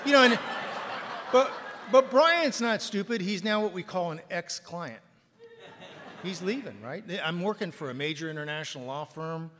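A man telling a self-mocking story to an audience, acting out voices and loud punchlines. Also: high-pitched, lively intonation, normal speed, in a large hall. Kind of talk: recovery storytelling with comic bits.

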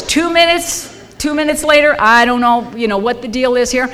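A woman in her fifties from Southern California, sharing a wry, lively personal story with a support group meeting. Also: fairly high pitch, brisk. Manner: lively, wry, acts out her own reactions. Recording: long hall reverb, faint noise.

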